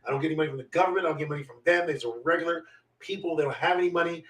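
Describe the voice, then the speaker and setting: A man's voice: fairly high pitch, rapid-fire, fairly bright tone. A man from Michigan, a guest telling a story with emphasis, repeating phrases and laughing between his points. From Michigan, USA. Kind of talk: animated storytelling in a conversation. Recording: roomy sound from a distant mic.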